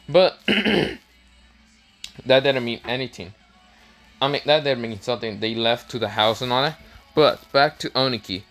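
A man's voice: mid-range voice, a bit bright. A man narrating a fan story casually, rambling with many fillers and self-corrections.

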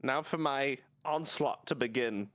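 A man putting on the voice of a gloating, scheming villain, spoken slowly and theatrically while playing a game. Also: mid-range voice, fairly bright tone, no room sound, lightly acted. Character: gloating shadowy male villain, smug and scheming.

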